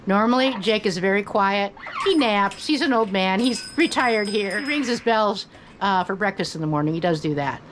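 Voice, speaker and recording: An older woman who hosts her own channel, giving relaxed, folksy advice about parrots at home and chatting to her bird now and then. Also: medium pitch, moderate pace, noisy background. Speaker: parrot owner and channel host. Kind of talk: casual advice talk. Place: indoors at home, by her bed.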